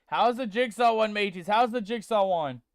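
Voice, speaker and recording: A man's voice: high voice, normal speed, clean tone, no echo, clean studio sound. A man streaming a game, chatting casually and playfully with viewers he calls mateys while reading chat aloud. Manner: reads chat aloud and tests text-to-speech voices.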